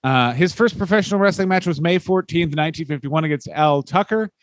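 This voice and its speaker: A man's voice: fairly high pitch, fairly quick, no room sound. A Canadian man co-hosting a podcast, telling rambling jokey stories and acting out silly bits. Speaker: podcast co-host. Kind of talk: casual comedic chat.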